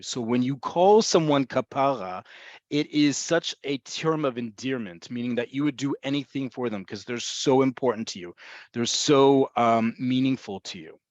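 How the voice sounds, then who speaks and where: A man's voice: medium pitch, dry recording. Guy teaching slang on a video call, keeps repeating stuff, sound kinda muffled and dry. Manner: explanatory, repeats points, addresses folks. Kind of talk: webinar lesson. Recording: muffled webinar audio, cutting in and out.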